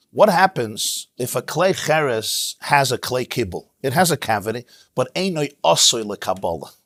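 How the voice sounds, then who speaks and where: A man teaching a Torah class as a rabbi, in an animated, emphatic way, sprinkling in Hebrew terms. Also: on the high side, dry recording, studio quality. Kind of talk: lively Torah lecture. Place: synagogue.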